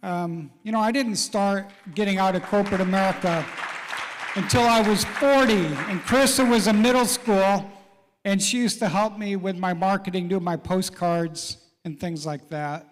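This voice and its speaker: Crowd noise and a noisy background surround this middle-aged man's high voice, which moves at a moderate pace. Hosting a live real estate event in a large, reverberant hall, he calls out audience members by name in a folksy, encouraging way.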